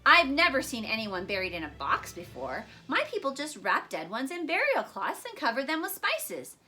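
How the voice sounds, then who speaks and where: A woman voicing a frightened young boy in a storybook reading, high and panicky. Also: huge pitch swings, normal speed, bright, forceful tone, faint music behind, exaggerated voice. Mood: urgent.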